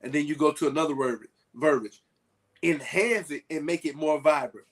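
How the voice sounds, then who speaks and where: A man talking casually to a group, telling lively stories with folksy asides. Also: a little high, moderate pace. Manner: animated storytelling with folksy asides.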